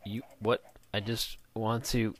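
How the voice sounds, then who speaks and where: A man's voice: lowish voice, level tone, slow pace, fairly bright tone. A man casually talking through a game he is playing, chatty and rambling, joking and calling out to the characters on screen. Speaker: gaming video host. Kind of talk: casual let's-play commentary.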